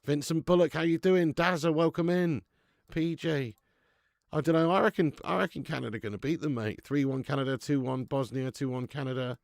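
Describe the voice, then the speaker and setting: A man's voice: on the high side, brisk, vocal fry, dry recording, studio quality. A man hosting a live football watch-along stream, chatting laddishly with viewers and laughing often. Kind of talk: live stream chat and match commentary.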